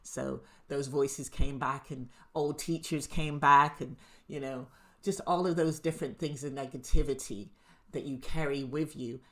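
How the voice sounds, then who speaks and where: A woman's voice: a bass voice, fairly even intonation, a little slow, a bit bright. A woman co-hosting a talk show, candidly telling a personal story with frequent laughs. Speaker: co-host. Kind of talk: casual chat.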